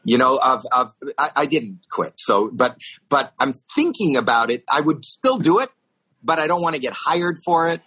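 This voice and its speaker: A middle-aged man telling a long comic story on a talk show, acting out the voices with high squeaks. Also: expressive, normal speed, bright, forceful tone, breathy edge, rough recording. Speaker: stand-up comedian guest telling a story.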